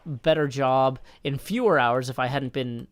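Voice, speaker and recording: A man's voice: medium pitch, normal speed, no room sound. A tired man chatting casually on a live stream, rambling and correcting himself as he reads out chat. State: tired from little sleep.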